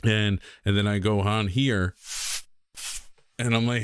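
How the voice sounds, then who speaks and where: A man's voice: on the low side, steady tone, slow pace, clear, resonant tone, dry recording, studio quality. A young man chatting casually on a game stream, rambling and self-deprecating with lots of ums and restarts.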